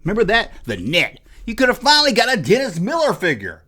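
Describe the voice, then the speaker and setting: A man's voice: high-pitched, huge pitch swings, fast talker, pushed and bright. A man hosting a toy channel, rambling through a casual, jokey monologue and often stopping to correct himself.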